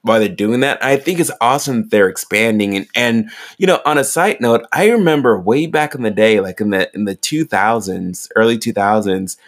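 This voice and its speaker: A man's voice: on the low side, moderate pace, hardly any pauses. A man hosting a casual podcast chat, rambling and repeating words as he thinks. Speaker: podcast host.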